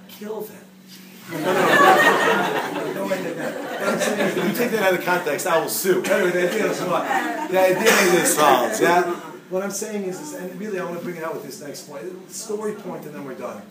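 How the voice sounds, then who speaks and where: A man giving a humorous teaching talk to a live audience, quizzing them with quick questions. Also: high voice. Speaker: speaker teaching a class. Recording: echoey room, distant mic, noisy.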